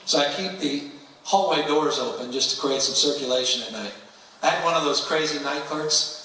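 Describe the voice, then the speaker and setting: A man telling a wry, animated story as an interview guest before a live audience at a festival venue. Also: fairly high pitch, normal speed, a little hiss or hum. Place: large public festival venue. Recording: echoey hall from far off.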